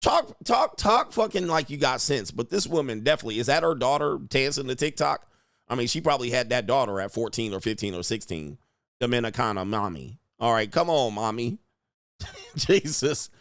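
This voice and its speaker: A man's voice: medium pitch, fairly quick, fairly bright tone, no room sound, studio quality. A man hosting a casual reaction commentary, mocking and profane as he talks over clips. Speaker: host.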